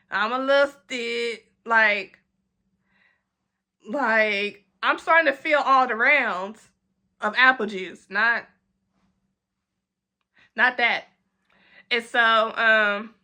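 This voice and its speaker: A young woman tells a story in a lively way, dropping into quick voices for her friends. Her tone is bright and sharp. She speaks in a casual vlog style. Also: fairly high pitch. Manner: animated, acts out friends' lines in quick quoted voices. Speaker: vlogger.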